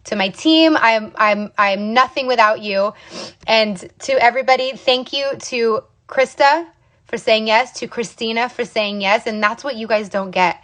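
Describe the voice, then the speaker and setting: A woman's voice: fairly high pitch, a little slow, a bit bright. Fired-up woman giving a motivational pep talk. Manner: fired up, preachy, passionate. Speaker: direct sales rep. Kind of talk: emotional motivational livestream talk.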